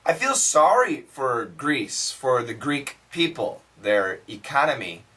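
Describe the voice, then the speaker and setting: Slow, bright-voiced American man teaching. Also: medium pitch, very animated, distant mic. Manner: patient, repeats words slowly for drilling. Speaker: English pronunciation teacher. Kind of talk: pronunciation lesson.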